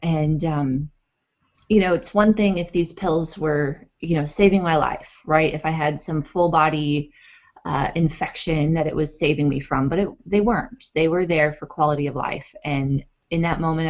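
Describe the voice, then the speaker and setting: Her voice is low-pitched and her pace moderate as this author and blogger, a guest in an interview, chats through a personal story. She acts out the quotes with animation and leans on plenty of fillers. The audio quality is dull and lo-fi.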